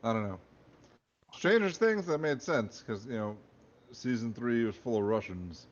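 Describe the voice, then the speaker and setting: A man's voice: medium pitch, expressive, moderate pace. A man reading his own comic book aloud and chatting on a podcast, jokey and self-amused. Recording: dull lo-fi recording.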